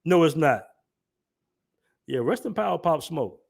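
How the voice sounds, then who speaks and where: A man's voice: a little high, animated, measured pace, vocal fry. Laid-back man riffing on a livestream. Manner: laid-back, laughing, reading chat comments aloud. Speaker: livestream host. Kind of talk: casual livestream commentary.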